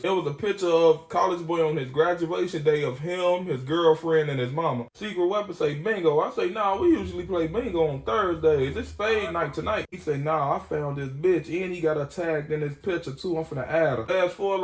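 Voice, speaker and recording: A man's voice: sits high, a bit bright, echoey room. A man on a podcast telling a long crude story in casual slang, acting out each quote.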